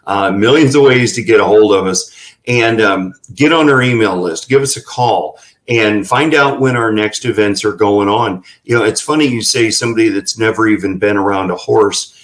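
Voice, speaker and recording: A man's voice: fairly low pitch, rough recording. A man telling folksy anecdotes in a casual interview, with plenty of fillers. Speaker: ranch representative.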